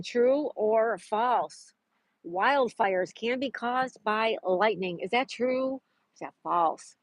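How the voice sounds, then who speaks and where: A woman's voice: fairly high pitch, takes it slowly, no echo. A chatty woman hosts a casual livestream outdoors in a park. She greets viewers by name and reads trivia aloud, and her voice sounds close and dry. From Florida. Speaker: livestream host.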